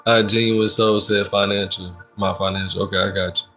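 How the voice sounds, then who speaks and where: A man doing a casual live-stream tarot reading, laid-back and slangy, reading out the chat and giving shout-outs. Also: on the low side, flat delivery, brisk. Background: background music.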